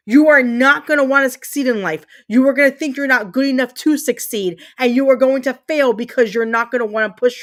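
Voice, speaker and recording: A woman's voice: a little high, fairly bright tone. A woman in her thirties hosting a livestream, ranting with emphatic, repetitive, heated speech and swearing as she fumes. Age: 30s. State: fuming. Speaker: livestream host. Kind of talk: angry livestream rant.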